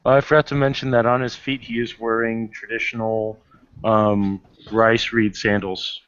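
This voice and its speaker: A man's voice: fairly low pitch, little pitch movement, moderate pace, a bit bright, clear, resonant tone, dry recording. A man running a tabletop game as game master, describing scenes with a wry, dry manner. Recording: dull lo-fi recording, dry.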